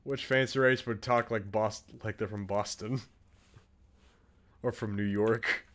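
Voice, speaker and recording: A man's voice: lowish voice, steady tone, unhurried, a bit bright, a little hiss or hum. An American man streaming a farming game, chatting in a rambling, jokey and crude way to his viewers. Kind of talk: casual gaming commentary.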